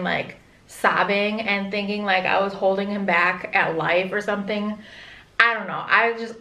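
A woman's voice: mid-range voice, a bit bright. A young pregnant woman vlogging casually, rambling candidly with lots of "like". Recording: echoey room.

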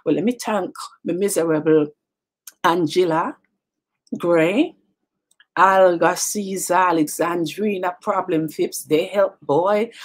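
Husky middle-aged jamaican lady, talk show host, teasing and chatty, slips into patois. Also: fairly low pitch. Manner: chatty, teasing, repeats words, mixes in patois. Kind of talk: casual monologue to camera.

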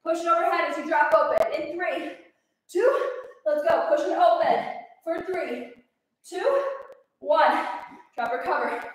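A high-pitched woman with a Minnesotan accent coaches a workout, upbeat and encouraging, counting down each set while she exercises. Her voice sounds distant, with a strong echo around it. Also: a little slow. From Minnesota, USA. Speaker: fitness instructor.

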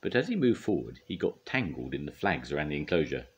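An older man reading a children's storybook aloud in a gentle, expressive way. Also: very deep voice, quick pace, breathy edge.

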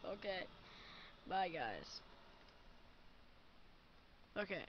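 Slow, muttering woman gamer, muffled mic. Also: on the low side, sing-song, slight background noise. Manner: frustrated muttering, exasperated complaints. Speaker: gamer recording a let's play. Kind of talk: live gameplay commentary.

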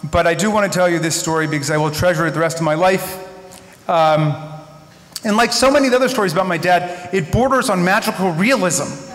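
A man's voice: sits high, fairly bright tone. A man in his fifties giving a memorial tribute speech in a large synagogue hall, telling stories earnestly with wry humor. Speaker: eulogist. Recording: echoey hall with long reverb.

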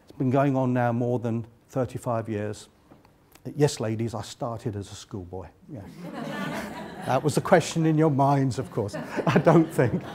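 A man's voice: mid-range voice, unhurried, darkish tone, slight background noise. An older Englishman with an English accent giving a chatty, joking lecture at a conference, with many fillers. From England. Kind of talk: live conference lecture with slides. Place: conference hall.

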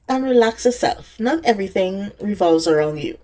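A young woman giving casual, excitable let's-play commentary, scolding the characters on screen and often laughing. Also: mid-range voice, moderate pace. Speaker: gaming content creator.

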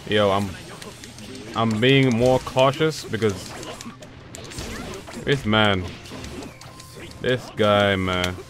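A man giving casual, profane commentary over his own fighting game match, muttering and breaking into sudden shouts. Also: on the low side, extremely slow, long pauses, music in the background. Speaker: gameplay commentator. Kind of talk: casual live gameplay commentary.

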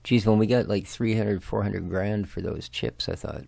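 Casting note: middle-aged Canadian man with a Canadian accent, a lower voice with a gravelly edge, unhurried let's-play chatter. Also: no room sound. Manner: slow, chatty and self-joking, drifting to soft mutters. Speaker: gaming video host. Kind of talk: casual let's-play commentary.

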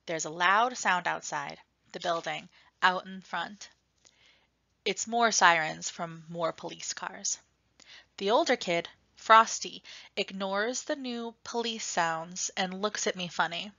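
A woman reads a novel aloud, telling a first-person story with plenty of expression. Her voice is bright and forward. The recording is dull and dry, with no room sound. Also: fairly low pitch, takes it slowly, gravelly, no echo. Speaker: reader.

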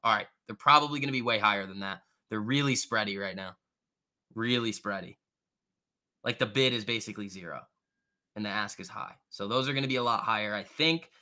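A man's voice: on the low side, brisk, pushed and bright. A man hosting a trading livestream, talking casually and slangily while reading and answering chat.

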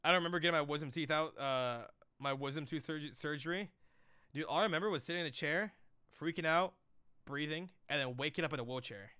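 A man's voice: fairly high pitch, quick pace, smooth, dry recording, studio quality. Profane, joking young male streamer. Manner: profane, joking, animated storytelling. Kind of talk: casual livestream chat.

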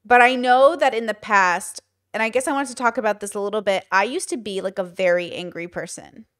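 A woman's voice: mid-range voice, fairly quick, a bit bright. A woman in her thirties hosting a podcast, telling stories in casual chat and acting out what people said, with lots of fillers. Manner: chatty storytelling, acts out quoted lines, many fillers. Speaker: podcast host.

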